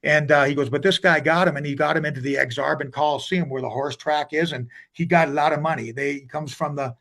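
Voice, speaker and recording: A man's voice: fairly high pitch, steady tone, fast, a bit bright. An older man, a hockey coach telling long stories as an interview guest, rambling with many restarts. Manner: rambling, retells conversations with many restarts and "he goes".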